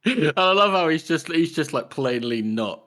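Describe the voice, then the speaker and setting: A man co-hosting a book podcast, chatting casually and acting out quick everyday reactions with laughs. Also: a little high, expressive, a bit bright. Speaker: podcast co-host. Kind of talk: casual chat.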